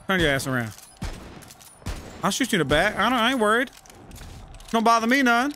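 A man giving casual gameplay commentary, trash-talking enemies loudly with plenty of profanity. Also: high voice, big pitch swings, brisk, slight background noise. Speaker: gaming YouTuber.

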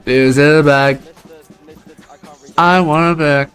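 A young man live-streaming a game, excitedly shouting hurried callouts to his teammates. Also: mid-range voice, smooth, faint music behind. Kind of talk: live gameplay commentary.

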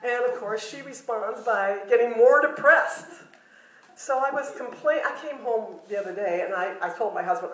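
A woman's voice: fairly high pitch, normal speed. Older woman telling funny stories, roomy. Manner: self-deprecating, humorous, laughs often. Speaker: retreat speaker. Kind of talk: personal storytelling talk. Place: retreat meeting room. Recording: roomy hall, mic far off.

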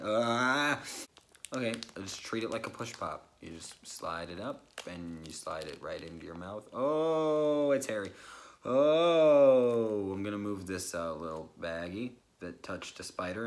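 A young man vlogging to camera in a nervous, overdramatic, rambling way. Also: on the low side. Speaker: YouTuber. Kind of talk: casual vlog to camera.

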